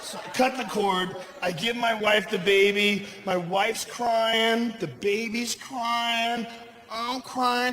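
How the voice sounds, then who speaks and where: A man doing a stand-up comedy routine on a theater stage, telling a profane story loudly and with big shouted punchlines. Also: high-pitched, steady tone, slow. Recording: roomy live theater sound with audience noise.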